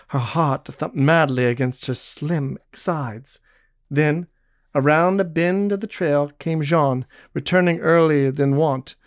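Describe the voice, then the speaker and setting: A man reads a novel aloud in an even, measured storytelling voice. The sound is close and dry, with no room in it. His pitch sits a little above the usual for a man. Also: no room sound. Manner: steady, measured storytelling read. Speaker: audiobook narrator. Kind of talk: scripted narration of a novel.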